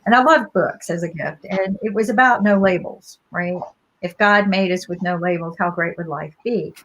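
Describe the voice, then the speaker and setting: A woman's voice: lowish voice, moderate pace, fairly bright tone, highs cut off. A middle-aged woman co-hosting a podcast, telling stories in a reflective, conversational way and often checking in with listeners. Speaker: podcast co-host. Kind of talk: casual podcast talk.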